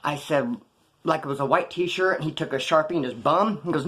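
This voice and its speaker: A middle-aged man telling stories casually in street slang, animated, acting out the voices of people he quotes. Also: a little high, fairly quick, slightly rough. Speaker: storyteller. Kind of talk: casual storytelling.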